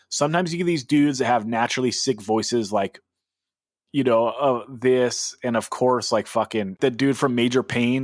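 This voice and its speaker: A man's voice: mid-range voice, no echo, studio quality. A man co-hosting a music podcast, talking loosely with lots of fillers and casual swearing. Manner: loose and profane, heavy on filler words. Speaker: podcast co-host. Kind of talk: casual chat.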